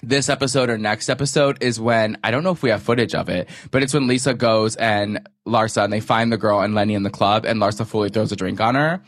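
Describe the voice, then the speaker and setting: A man's voice: fairly low pitch, fast, few pauses, no room sound, studio quality. A man co-hosting a podcast, chatting casually and campily about reality TV, full of profanity and dramatic retellings. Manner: campy, profane, animated retellings. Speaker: podcast co-host. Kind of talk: casual reality-TV recap chat.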